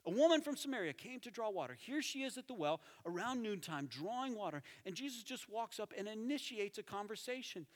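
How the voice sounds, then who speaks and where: Animated pastor preaching in a reverberant hall. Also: male voice, high voice, fairly quick, few pauses. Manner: animated, conversational, drops to soft tones for emphasis. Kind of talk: sermon. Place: church sanctuary.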